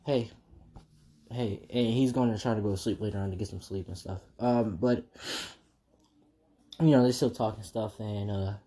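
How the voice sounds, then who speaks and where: A man's voice: on the low side, steady tone, normal speed, warm tone. A man casually improvising a fan-made story, rambling with many fillers.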